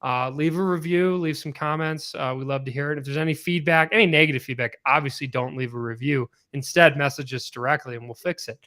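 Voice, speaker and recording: A man's voice: fairly high pitch, steady tone, a little fast, few pauses, bright, forceful tone. A man hosting a live podcast as a fitness coach, upbeat and rambling, with lots of fillers. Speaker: podcast host and CrossFit coach. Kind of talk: casual live podcast chat.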